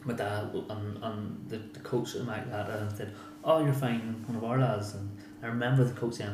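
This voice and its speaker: In a noisy, echoey room, this Northern Irish ex-boxer speaks in a fairly low, steady voice at a moderate pace with hardly any pauses. During the casual interview he's frank and somewhat rambling, repeating himself and cursing occasionally.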